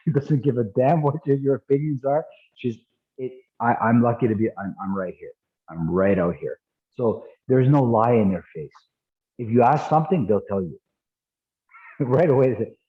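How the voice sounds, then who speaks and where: Animated man teaching over a tinny call. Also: medium pitch. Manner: animated, repetitive, frequent false starts and laughs. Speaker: martial arts instructor. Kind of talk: casual spoken teaching. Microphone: online video call. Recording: tinny phone-like audio.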